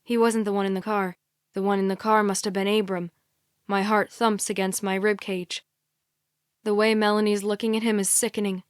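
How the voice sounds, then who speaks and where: A woman's voice: medium pitch, flat delivery, moderate pace, smooth, dry recording. A woman reading a young adult thriller in the first person, tense and earnest, on a close studio mic. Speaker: audiobook narrator. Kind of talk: scripted first-person narration.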